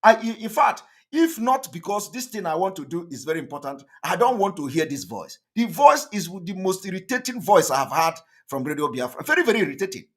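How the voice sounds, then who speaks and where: A man's voice: high voice, sing-song, fairly bright tone. A man hosting an online broadcast, talking emphatically and repeating himself as he comments on a played interview. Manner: emphatic, repetitive, quick to laugh.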